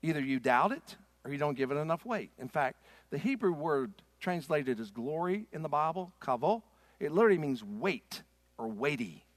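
A man pastor preaching a sermon, rising to loud, forceful stretches and dropping to soft, slow ones. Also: fairly high pitch, lively intonation, no room sound.

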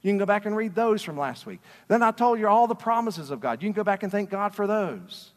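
A man preaching a sermon as a pastor, passionate and swinging between quiet talk and shouting. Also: sits high, lively intonation, brisk, in a large hall. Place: church sanctuary.

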